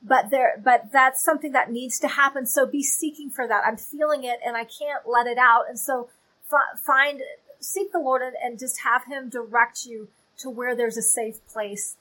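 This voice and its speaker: A woman's voice: high-pitched, fairly even intonation, moderate pace, pushed and bright, low-quality recording. A woman giving a conversational, faith-based teaching. She is earnest and candid, often checking in with her listeners. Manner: earnest and candid, checks in with "okay?" and "you know". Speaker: Christian author and teacher.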